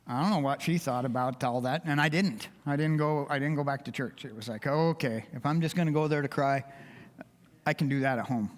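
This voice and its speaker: A man's voice: mid-range voice, a little fast. An older man giving a heartfelt, emotional personal testimony to a church congregation. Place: church sanctuary. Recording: long reverb of a church hall.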